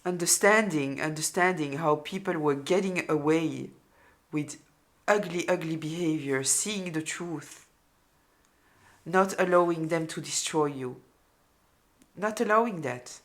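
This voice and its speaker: A woman giving a collective tarot reading, speaking haltingly with many fillers and repeated words, openly emotional. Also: low voice. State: moved, emotional. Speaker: tarot reader.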